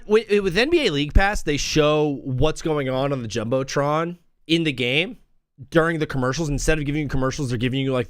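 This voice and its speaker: A man's voice: a little high, a bit bright, clear, resonant tone, dry recording, clean studio sound. A young man hosting a live sports talk stream, brash and rambling, joking as he reads the chat. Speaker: sports talk show host.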